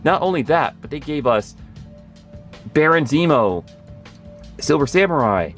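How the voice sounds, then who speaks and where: A man in his thirties gushing through a casual episode recap, rambling and correcting himself as he gets excited. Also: a little high, unhurried, soft background music. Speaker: pop culture video host.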